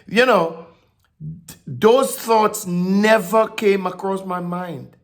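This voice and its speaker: A man preaching a sermon, halting and repeating words, swinging from soft reflection to emphatic declarations. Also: sits high.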